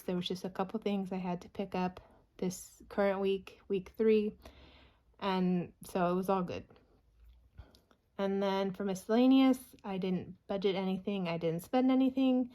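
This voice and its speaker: A woman's voice: medium pitch, dark tone. Chatty woman vlogger going over her budget. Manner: chatty, self-reassuring, quick with figures. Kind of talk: casual spoken budget review.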